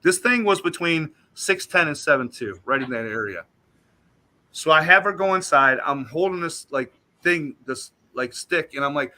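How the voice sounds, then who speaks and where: A man with a very bright, forceful voice and a slightly higher pitch than most men. He tells his story as a talk-show guest, animated and emphatic. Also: normal speed. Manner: animated, emphatic retelling that acts out what he said.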